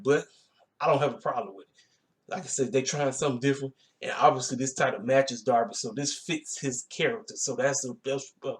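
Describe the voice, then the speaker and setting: A man talks through a wrestling show in a loose, rambling recap, full of fillers and slang. His voice sits at an ordinary middle pitch colors the easygoing delivery. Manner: laid-back, colloquial, rambling with fillers.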